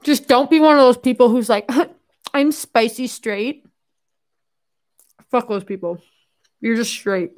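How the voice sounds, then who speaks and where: A woman's voice: a little high, lively intonation, moderate pace. Young woman, live-stream chat, rambling, frank, swears, laughs a lot, talking with her mouth full. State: eating while talking.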